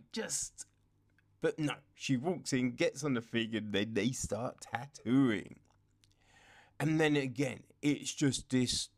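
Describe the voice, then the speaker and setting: A man ranting casually about a show's bad acting, exasperated and rambling, full of fillers and swearing, tired from being up in the small hours. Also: medium pitch. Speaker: show reviewer. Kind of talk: casual rant.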